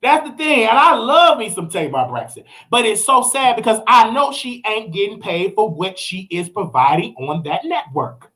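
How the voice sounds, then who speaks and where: A man with a Southern US accent, hosting and ranting in animated commentary, preachy and mocking. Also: high voice, moderate pace, hardly any pauses. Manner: preachy, mocking, acts out quotes in other voices. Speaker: host.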